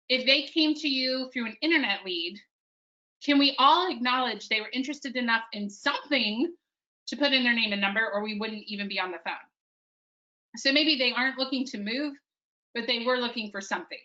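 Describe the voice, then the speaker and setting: Bright-voiced woman sales coach. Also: on the high side, normal speed, muffled recording. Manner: energetic, conversational, addresses group as guys. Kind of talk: live training workshop.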